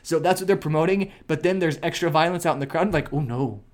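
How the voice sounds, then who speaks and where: A man co-hosting a podcast, chatting casually and telling stories in a jokey, animated way. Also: on the high side, quick pace. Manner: animated, jokey storytelling with acted quotes. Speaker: podcast co-host. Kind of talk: casual chat.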